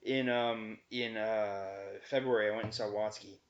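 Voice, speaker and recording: A young man, co-hosting a podcast in casual, joking chat with friends, quick to laugh and sarcastic. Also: on the low side, steady tone, reverberant. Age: young adult. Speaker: podcast co-host. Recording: slightly muffled lo-fi audio.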